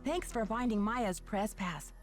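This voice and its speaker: A woman's voice: a little high, faint music behind, close to an everyday voice. Nancy Drew, a woman voicing a plucky girl sleuth. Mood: confident. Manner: brisk, confident, wry. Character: plucky young woman detective, sharp-tongued. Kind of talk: video game voice acting.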